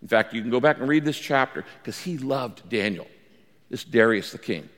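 A man preaching a sermon as the pastor, animated and acting out the voices in the story he tells. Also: normal speed. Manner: animated preacher, acts out quoted lines with big pitch jumps. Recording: long reverb of a large hall.

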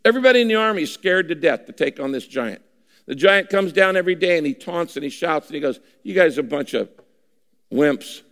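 Preacher with a raised, ringing voice. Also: male voice, high-pitched, lively intonation, quick pace, a bit bright. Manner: emphatic, repeats key phrases for emphasis. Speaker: pastor. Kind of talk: sermon. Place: church auditorium. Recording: long reverb of a large hall.

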